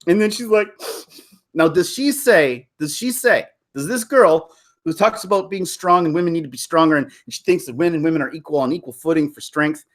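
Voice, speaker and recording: Male vlogger, opinion rant, sarcastic, animated, somewhat high voice. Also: brisk. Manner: animated, sarcastic, laughing asides.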